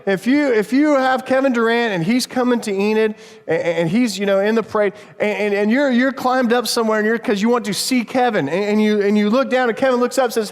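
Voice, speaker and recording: High-voiced man preaching in a reverberant church. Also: brisk, smooth. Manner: conversational, storytelling, addresses kids. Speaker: pastor. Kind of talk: sermon. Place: church sanctuary. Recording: long reverb of a church hall.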